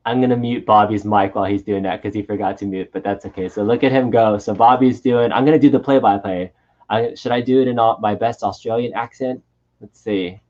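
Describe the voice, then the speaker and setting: Low-voiced man casually hosting a stream. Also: fairly even intonation, a little fast, darkish tone, highs cut off. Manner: casual, rambling, many fillers. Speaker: stream host and moderator. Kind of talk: live stream commentary.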